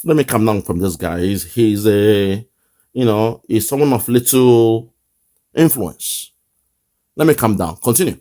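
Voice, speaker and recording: A man's voice: on the low side, unhurried, mellow. A man with a Nigerian accent hosting impassioned online political commentary, fiery and mocking, often breaking into laughter.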